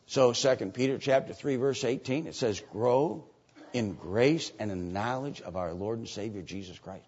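An older man preaching a sermon and reading scripture aloud. He moves between loud, emphatic preaching and quiet asides. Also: mid-range voice, moderate pace, husky. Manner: reads scripture aloud in old-fashioned wording. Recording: dull lo-fi sermon recording.

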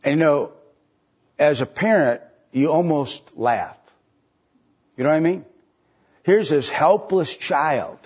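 Middle-aged male pastor, husky, fairly high voice, chatty sermon full of rhetorical questions, dull lo-fi recording. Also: lively intonation, slow, pauses often, a little mellow. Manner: conversational preaching with rhetorical questions, pitch rising sharply for emphasis.

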